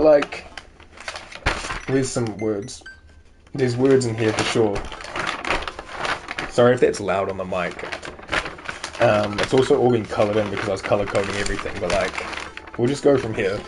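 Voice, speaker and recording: A man's voice: lowish voice, expressive, unhurried, long pauses, noisy background. A young man casually commenting on a game he is playing, joking and self-deprecating as he reads along. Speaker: gaming streamer. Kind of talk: casual let's-play commentary.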